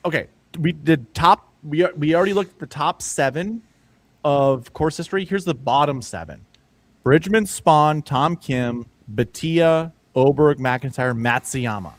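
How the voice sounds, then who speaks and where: A man's voice: a little high, measured pace, no room sound. A man hosting a sports betting podcast in casual chat, rambling and joking, laughing often. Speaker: podcast host.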